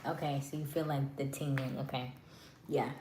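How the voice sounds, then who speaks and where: Soft-spoken low-voiced woman chatting live. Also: level tone, normal speed, echoey room, background noise. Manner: soft-spoken, trails off her words; chatty, many fillers. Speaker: live stream host. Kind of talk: casual chat with live viewers.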